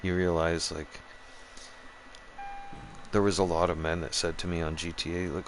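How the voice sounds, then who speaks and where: Low-pitched and creaky, this streamer keeps a fairly even intonation at normal speed, leaving long pauses as he rants profanely to viewers over a game. There's a faint hiss or hum.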